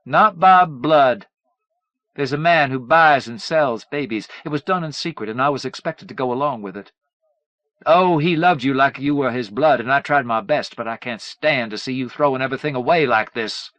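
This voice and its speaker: A man's voice: medium pitch, normal speed, fairly bright tone, no room sound, voice pushed up, close to an everyday voice. A man voicing a desperate middle-aged mother who pleads and turns coldly cutting. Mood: bitter. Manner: pleading, then cold and cutting.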